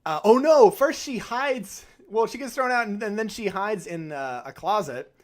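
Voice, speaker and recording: A man co-hosting a podcast, retelling a film in casual chat with animated, acted-out quotes. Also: high voice, normal speed. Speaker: podcast co-host.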